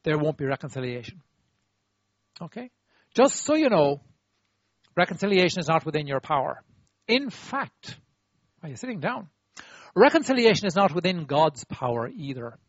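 A man preaching a sermon in an animated, demonstrative way, acting out apologies and getting the audience to repeat after him. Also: a little high, moderate pace, long pauses, no room sound, highs cut off.

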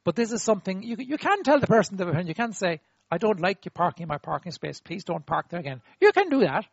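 This sermon comes from a man with a high, husky voice and vocal fry who speaks quickly, acting out apologies with animated energy to engage his listeners. The sound is dry and a little dull, with no room sound.

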